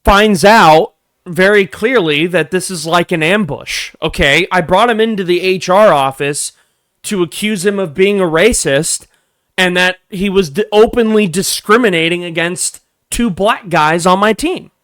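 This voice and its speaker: In an animated storytelling vlog, a young man recounts an angry workplace story, profane and emphatic, acting out what people said with sudden loud bursts. His voice is high and measured in pace, recorded at studio quality with no echo.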